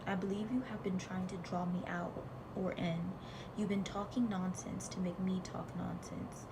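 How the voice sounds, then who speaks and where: A woman reading aloud the lines of an earnest, principled young governess in a measured, formal way. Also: lowish voice, steady tone, background noise, lightly acted. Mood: reproachful.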